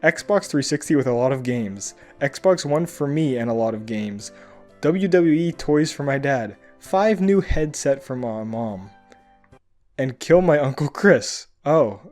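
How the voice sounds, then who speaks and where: A man's voice: mid-range voice, expressive, a little slow, a little mellow, soft background music. A man giving comedic commentary as he reads funny online reviews aloud, with sarcastic, mock-outraged asides. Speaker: comedy YouTuber reading reviews.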